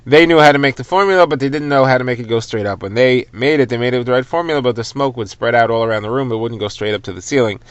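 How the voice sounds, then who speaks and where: Brief: man, mid-pitched, dry close mic, casual Talmud teacher explaining terms as he goes. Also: very fast, hardly any pauses, clean tone, no echo, lo-fi sound. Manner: conversational retelling, glossing Hebrew terms in English. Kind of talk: daily Talmud lesson, explained for listeners driving.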